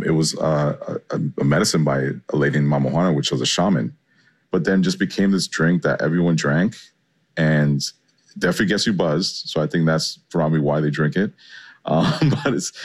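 A man, a chef, giving chatty and enthusiastic answers in an interview. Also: extremely low pitch. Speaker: chef and guest.

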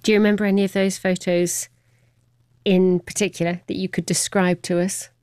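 A woman narrates a radio documentary in a composed, scripted delivery. Her voice sits a little low, and the studio sound is dry and close. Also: little pitch movement, moderate pace, a little mellow, clear, resonant tone, no room sound.

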